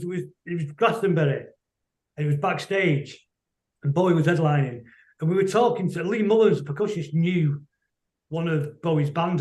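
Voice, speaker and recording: A middle-aged man, a musician telling rambling, anecdotal stories as a guest on a video call, quick to laugh. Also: a little high, warm tone, roomy sound. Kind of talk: casual storytelling interview.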